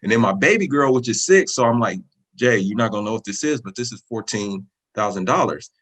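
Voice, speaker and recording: A man in his thirties with a low, husky voice tells his story in a casual interview over a video call. He speaks earnestly and with feeling, running his phrases together loosely. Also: expressive, a little fast, fairly bright tone, poor audio. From California. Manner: earnest, emotional, talks in loose run-on phrases. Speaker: interview guest, student sharing a success story.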